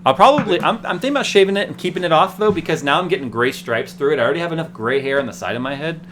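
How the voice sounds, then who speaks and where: Animated host telling stories with laughs. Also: male voice, on the high side, very fast, a little hiss or hum. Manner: laughing, rambling, animated storytelling. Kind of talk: casual tech livestream chat.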